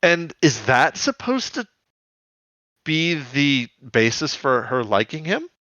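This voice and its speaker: A man's voice: fairly high pitch, sing-song, slow pace, bright, forceful tone, no room sound, muffled recording. A man co-hosting a podcast, chatting casually and profanely and laughing often. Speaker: podcast co-host. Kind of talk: casual chat about a cartoon episode.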